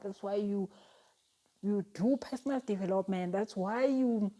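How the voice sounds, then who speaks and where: A young woman gives a motivational talk as a life coach, earnest and chatty. Her voice sits at an ordinary pitch with a mellow, unforced tone. She often restarts her sentences and fills pauses as she talks.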